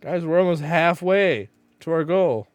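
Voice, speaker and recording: A man's voice: on the high side, expressive, unhurried, clean tone, dry recording. A tipsy man on a casual charity stream, reading game dialogue aloud and laughing often between lines.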